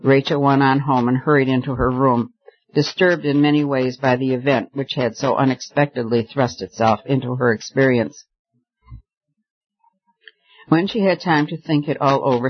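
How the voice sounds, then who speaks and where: A man narrating a novel in a steady, even reading voice. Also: mid-range voice. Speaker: audiobook narrator. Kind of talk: scripted narration. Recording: slightly dull lo-fi recording.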